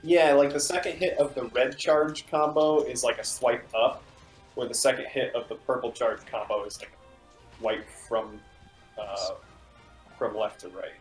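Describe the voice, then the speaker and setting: A man's voice: mid-range voice, a little slow, soft background music. A young man chatting casually over a video game, explaining things with lots of hedging fillers. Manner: explains with many fillers and restarts. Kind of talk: casual chat while playing a video game. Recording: echoey room.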